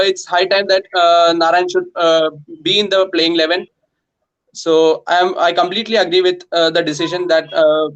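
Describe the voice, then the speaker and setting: A man with a fairly high voice speaks as a fan guest on a live show. He is on a video call and makes his case earnestly, pausing often on fillers. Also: fairly bright tone, lo-fi sound. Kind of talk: casual chat.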